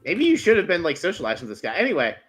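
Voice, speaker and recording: A tabletop game player in casual chat who talks in an animated, teasing way and often restarts sentences. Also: medium pitch, racing, faint music behind.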